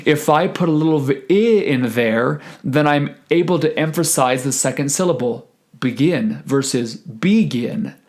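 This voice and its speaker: A man who is a choral conductor, explaining rehearsal methods in a deliberate presentation. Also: fairly high pitch. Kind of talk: recorded conference presentation.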